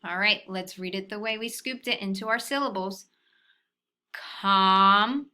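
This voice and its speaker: A woman's voice: mid-range voice, brisk, bright, forceful tone. A woman teaching a phonics lesson to young children, patient and sounding out syllables.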